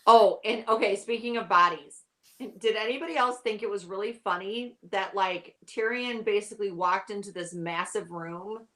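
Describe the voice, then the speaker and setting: A woman's voice: mid-range voice, moderate pace, sharp tone. A tired woman guest in a casual chat, rambling and saying "like" a lot. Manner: rambling, heavy use of "like". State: tired, yawning. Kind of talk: casual chat about a TV show.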